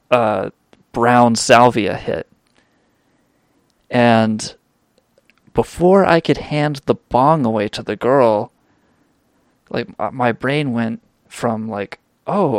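A man's voice: mid-range voice, no echo, studio quality. A young man hosting a radio show, telling a wild story in a rambling, profane way with lots of fillers. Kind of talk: storytelling drug anecdote.

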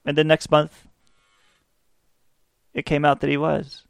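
A man's voice: fairly high pitch, monotone, unhurried, creaky, clean tone, no room sound, clean studio sound. A man co-hosting a podcast, telling stories in a wry way and mocking people by quoting them. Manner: wry storytelling with mocking quoted voices. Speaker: podcast co-host. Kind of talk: casual podcast chat.

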